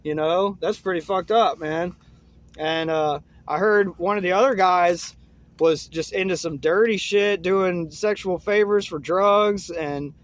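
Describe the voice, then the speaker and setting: A young man casually telling a rambling story, filling it with "man" and "uh" and dropping low and soft at grim moments. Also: unhurried, no echo.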